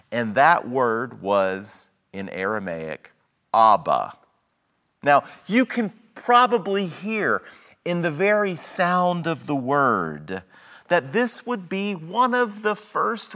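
A man's voice: medium pitch, a bit bright. A man preaching a sermon in an earnest, teaching manner, often restarting and repeating words.

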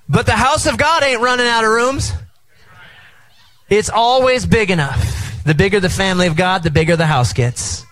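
A middle-aged pastor with a high voice preaches a sermon at an outdoor tent service. He engages the crowd with call-and-response, telling them to turn to each other and repeat his words. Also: moderate pace, fairly bright tone, low-quality recording.

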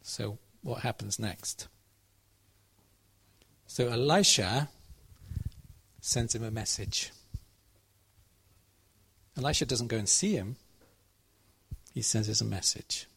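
A man gives a sermon in a relaxed, conversational way, retelling a Bible story and pausing to check in with his listeners. His pitch sits at an ordinary middle level. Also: creaky, breathy edge. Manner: conversational, asks the audience questions. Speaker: preacher.

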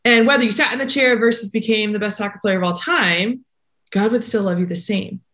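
A woman's voice: mid-range voice, fairly quick, fairly bright tone. A woman hosting a casual conversation, responding with encouraging, faith-centred reflection. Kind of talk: casual chat.

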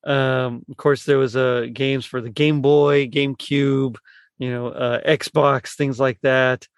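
A man hosting a casual movie podcast, talking in a rambling, halting way with lots of fillers and restarts. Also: mid-range voice, flat delivery, dry recording, clean studio sound. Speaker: podcast host.

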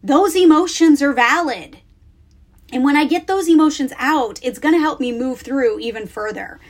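A woman in her thirties hosting a podcast, talking casually from a closet at home in a chatty, animated way with lots of fillers. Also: high voice, normal speed. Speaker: podcast host. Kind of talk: casual solo podcast talk.

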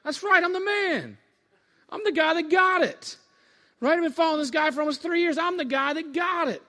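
A man's voice: extremely high pitch, animated, a little fast, fairly bright tone, exaggerated voice. A man voicing an impulsive, zealous male disciple in a sermon, brash and emphatic in casual street talk. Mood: boastful.

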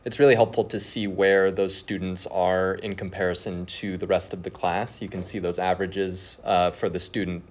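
A male teacher guesting on a school podcast, speaking in a steady, thoughtful way with some fillers. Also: sits low, normal speed, hardly any pauses, a little hiss or hum. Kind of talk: casual podcast chat. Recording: dull lo-fi sound.

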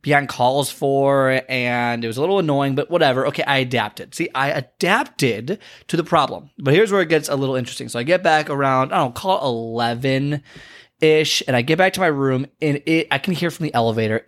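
Man, young adult, medium pitch, casual vlog storytelling, rambling, lots of fillers. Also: fairly quick. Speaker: vlogger and motivational speaker.

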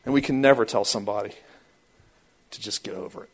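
A man preaches as a pastor, talking fast and with energy, performing the quoted voices and letting out abrupt high outbursts.

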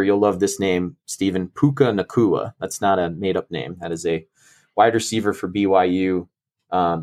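A man with a low, slightly mellow voice co-hosts a sports podcast, hosting its college football segment. He chats casually and enthusiastically about the sport and laughs often.

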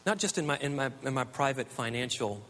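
Earnest preacher with long hall reverb. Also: male voice, mid-range voice, lively intonation, brisk, a bit bright. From United States. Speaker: pastor. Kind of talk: sermon.

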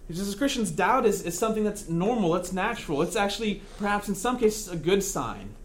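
A man's voice: high voice, lively intonation, fairly quick, slight background noise. A man preaching a sermon to a congregation, casual and conversational with self-deprecating humor. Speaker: pastor. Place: church with live congregation.

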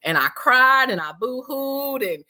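A woman in her forties, an interview guest, telling a candid personal story in an animated way, acting out past conversations. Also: unhurried. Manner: animated, acts out past dialogue with big pitch jumps. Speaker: interview guest, healing center founder.

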